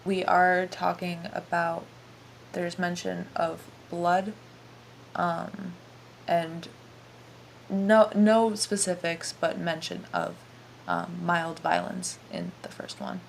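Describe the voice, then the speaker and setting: A young woman co-hosts a casual podcast, her voice low and gravelly with a touch of vocal fry. She is laid-back and giggly and trails off into fillers. A faint hiss sits under the recording. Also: level tone, slow pace. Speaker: podcast co-host. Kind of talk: casual chat.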